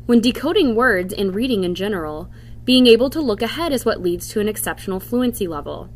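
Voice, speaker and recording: A woman's voice: mid-range voice, lively intonation. Woman narrating a reading lesson. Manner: slow, careful demonstration of word sounds. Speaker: instructor. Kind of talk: scripted instructional narration.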